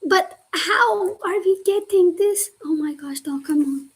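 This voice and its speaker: A woman's voice: extremely high pitch, measured pace, rough recording. A young woman on a study livestream, thinking aloud in a casual, slangy way as she mutters and half-whispers through problems. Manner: casual, slangy, swears freely. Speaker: student livestreamer.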